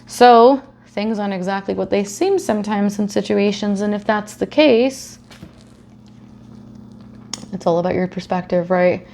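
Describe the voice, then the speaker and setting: A woman's voice: mid-range voice, unhurried, creaky, long pauses, a little mellow, a little hiss or hum. A young adult woman giving a casual tarot reading, chatty, swearing freely and acting out silly scenarios. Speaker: tarot reader.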